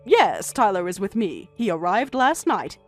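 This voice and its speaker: Woman reading a steady, firm older grandmother. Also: medium pitch, a little slow, soft background music. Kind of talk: story narration with dialogue.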